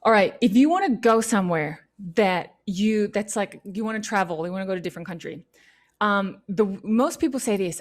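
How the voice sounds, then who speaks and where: A woman speaking at a youth leadership session, answering questions in an animated, chatty and encouraging way. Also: mid-range voice, fairly quick. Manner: animated, chatty, lots of "like" and "you know"; encouraging and upbeat.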